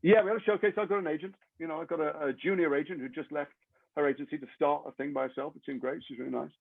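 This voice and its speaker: An English actor being interviewed, telling long rambling anecdotes with self-deprecating humor. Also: male voice, fairly high pitch, fairly even intonation, very fast, creaky, no echo. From England. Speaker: actor guest. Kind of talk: interview storytelling. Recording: tinny phone-like line, dry.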